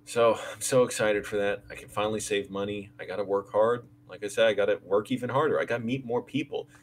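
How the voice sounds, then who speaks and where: A man's voice: fairly low pitch, fairly even intonation, fast, a little hiss or hum. A young man talking casually and candidly to viewers on a vlog, rambling with restarts as he rants about landlords and roommates. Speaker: vlogger, creative director of the channel. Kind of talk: casual live-stream chat.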